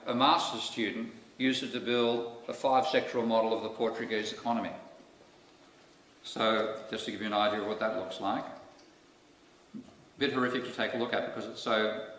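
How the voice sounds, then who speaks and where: A man's voice: fairly low pitch, fairly even intonation, fairly quick, fairly bright tone. A man with an Australian accent giving a public lecture in a wry, candid way, full of asides. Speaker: guest lecturer. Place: lecture hall. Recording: echoey hall, distant mic, faint noise.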